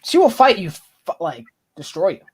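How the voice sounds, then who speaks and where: A man's voice: high-pitched, huge pitch swings, normal speed, a little hiss or hum. A man hosting a podcast in casual chat, blunt and teasing, swearing freely. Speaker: podcast host. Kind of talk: casual conversation.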